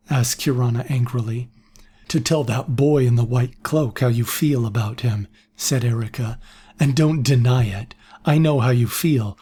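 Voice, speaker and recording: A man reading a novel chapter aloud as narrator, in a plain unhurried way that drops to a whisper for quiet lines. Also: medium pitch, husky. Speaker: audiobook narrator.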